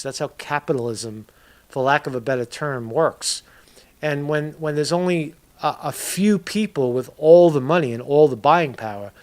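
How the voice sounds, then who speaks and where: A man giving a casual commentary video, ranting in a profane, rambling way and tagging lines with "right?". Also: fairly high pitch. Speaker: political commentator.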